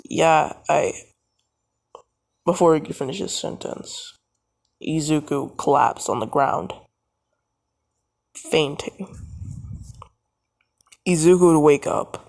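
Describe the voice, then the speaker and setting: A man's voice: fairly high pitch, slow, gravelly, pauses often, darkish tone. A man casually improvising a fan-made story, rambling into profane asides as he goes.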